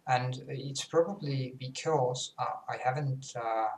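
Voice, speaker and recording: Slow, halting Finnish man putting on RP. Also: medium pitch. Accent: Finnish speaker attempting British RP. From Finland. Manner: halting and self-conscious, many pauses. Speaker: language student. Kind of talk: casual vlog talk. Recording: roomy echo, faint background noise.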